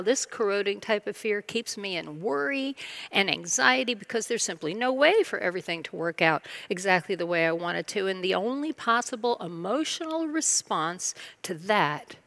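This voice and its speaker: A woman's voice: mid-range voice, gravelly, a bit bright. A woman pastor giving a recovery lesson in an earnest, conversational and personal way.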